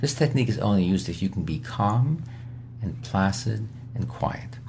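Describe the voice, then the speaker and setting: A man's voice: fairly low pitch, lively intonation, moderate pace, creaky, darkish tone, a little hiss or hum. A man, a physician, giving emphatic, repetitive coaching advice as an interview guest. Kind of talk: instructional interview answers.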